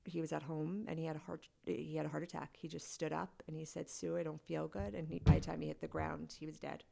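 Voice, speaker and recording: A woman guest talks through a personal story in a podcast conversation. Her voice sits somewhat low, with a gravelly, creaky fry. She speaks candidly and casually, with plenty of "like.". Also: level tone, fast, warm tone. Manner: candid and conversational, heavy use of "like".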